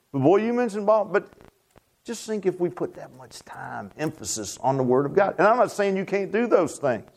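A man's voice: high voice, big pitch swings, normal speed, darkish tone. A man preaching a sermon in a folksy, repetitive way that rises to emphatic bursts. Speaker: pastor.

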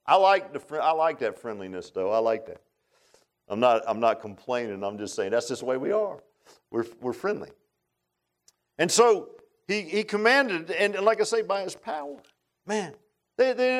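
A male pastor preaching a sermon in an animated, informal way, often repeating words and making joking asides to the congregation. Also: high voice, fairly quick.

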